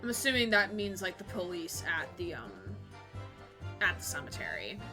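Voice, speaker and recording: Young woman, streamer, casual, swears, lively high-ish voice, game music. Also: normal speed. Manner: chatty, swears, laughs often. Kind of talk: casual live game commentary.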